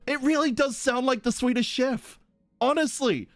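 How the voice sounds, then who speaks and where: A man with a very high voice streams live at a moderate pace, chatting playfully, giggling and goofing around with silly pronunciations. The recording has no room sound, with faint music in the background.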